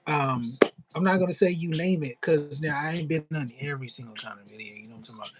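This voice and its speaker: A middle-aged man chats casually on a livestream, upbeat and loose, his voice sitting a little high for a man. He peppers his talk with "like" and "you know", answers chat comments as they come in, and keeps it friendly and easygoing. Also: quick pace, a crowd in the background, low-quality recording. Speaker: content creator and actor.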